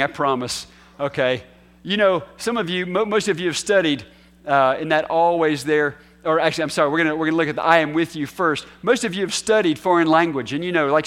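A man preaching a sermon as pastor, earnest, moving from quiet asides to emphatic declarations. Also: fairly high pitch. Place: church hall.

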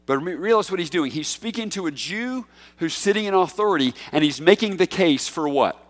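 A man preaching through a passage of scripture, his voice sitting a little higher than most men's. He is emphatic and swells to loud peaks on key lines. The sound carries the long reverb of a large church hall. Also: lively intonation, a little fast, hardly any pauses. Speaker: pastor. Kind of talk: expository sermon.

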